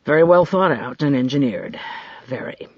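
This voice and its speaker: A man voicing a calm, weary male spy chief who speaks in a dry, measured way. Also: dry recording, highs cut off. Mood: weary, sober. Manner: dry, measured, low-key.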